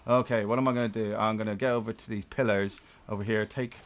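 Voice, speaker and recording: A man co-hosting a game review show, casually commentating gameplay with jokes, swearing and loud acted-out bursts. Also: lowish voice, quick pace. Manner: animated, jokey, acts out game characters in loud bursts, swears.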